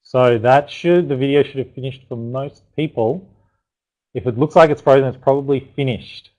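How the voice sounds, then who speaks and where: A man's voice: medium pitch, normal speed, darkish tone, rough recording. Chatty male webinar presenter. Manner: chatty, encouraging, loosely paced with restarts. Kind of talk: live online teaching webinar.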